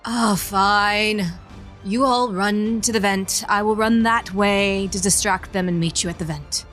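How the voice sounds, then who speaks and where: A woman player in a tabletop game, casual and quick to laugh. She speaks slowly, with soft music behind her. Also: mid-range voice, fairly even intonation.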